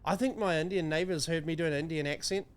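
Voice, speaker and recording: Fast-talking with a fairly high pitch and fairly even intonation, he's a Kiwi co-host on a podcast whose casual banter is crude, sarcastic, and peppered with swearing as he rants and jokes.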